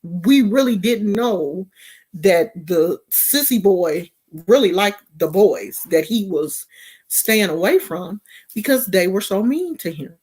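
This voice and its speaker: Slow-talking, slangy woman vlogger. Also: medium pitch, expressive, darkish tone, slightly rough. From California. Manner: slangy, mocking, rambling. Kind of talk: casual gossip commentary.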